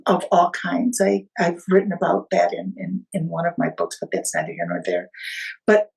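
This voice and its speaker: Animated woman telling a family tale. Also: on the low side, normal speed, gravelly, poor audio. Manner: animated storyteller with small hesitations and restarts. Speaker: podcast guest. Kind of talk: family storytelling in conversation.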